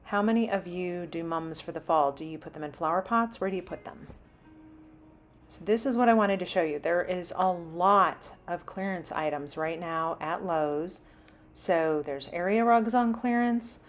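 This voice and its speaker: A shopping vlogger wanders a large home improvement store, speaking at a moderate pace in a voice on the low side. Soft music plays behind her as she chats casually and reads off prices while browsing.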